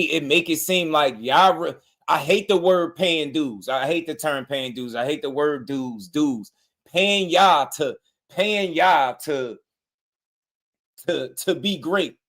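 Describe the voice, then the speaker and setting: A man's voice: on the high side, fairly bright tone. Blunt slangy man reacting to boxing. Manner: blunt, slangy, repeats himself for emphasis. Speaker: boxing channel host. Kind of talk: casual reaction commentary.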